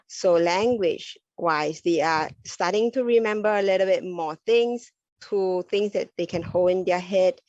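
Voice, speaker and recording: A woman speech therapist with a slightly low voice gives an educational talk. She explains patiently and keeps checking in with her listeners. The recording is dull and lo-fi, with a dry, close sound. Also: dry recording. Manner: explanatory, often checks in with "okay?" and "all right?".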